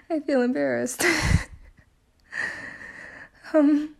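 A young woman in a whispered role-play, talking softly with breathy giggles and hesitant restarts. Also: high-pitched, steady tone, slow, pauses often.

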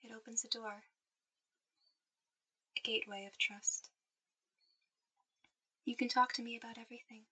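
A woman speaking in a soft, intimate whisper, guiding the listener toward sleep in a whispered role-play. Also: on the high side, flat delivery, moderate pace, long pauses, husky, rough recording. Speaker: ASMR performer.

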